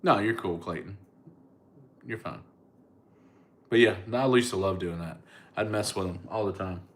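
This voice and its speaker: A middle-aged comedian chats casually on a livestream, responding to viewers' comments. His voice is low and his pace moderate, and he's laid-back and chatty, thanking viewers by name.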